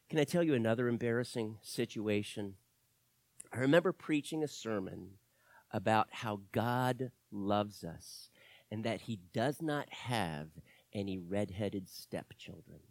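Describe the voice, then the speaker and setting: Animated pastor with loud outbursts. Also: male voice, on the low side, gravelly, no echo. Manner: animated, swings between loud emphasis and quiet asides; self-deprecating humor with the congregation. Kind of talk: sermon. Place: church.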